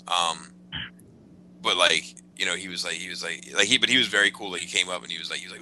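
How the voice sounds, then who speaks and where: A man's voice: low voice, fairly even intonation, quick pace, sharp tone, slight background noise, poor audio. A man co-hosting a casual podcast, telling stories in a rambling way with many fillers and repeated words. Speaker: podcast co-host. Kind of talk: casual chat.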